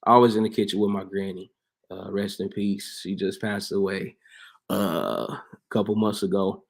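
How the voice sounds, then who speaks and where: A young man, a barber and home cook, talking casually as an interview guest, laid-back and laughing often, getting animated when he quotes people. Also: deep voice, normal speed, creaky. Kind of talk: casual conversational storytelling.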